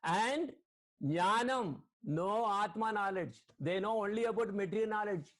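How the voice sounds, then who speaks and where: High-voiced man giving an online sermon. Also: measured pace, fairly bright tone. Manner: questions the listeners, quotes Sanskrit verses. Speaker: spiritual teacher. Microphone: video call.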